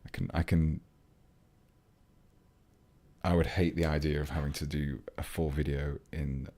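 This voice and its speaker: Deep-voiced English man chatting on a livestream. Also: flat delivery, a little slow, dark tone. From England. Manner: chatty, rambling, reads chat aloud mid-task. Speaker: hobby livestream host. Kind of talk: casual livestream chat while building models.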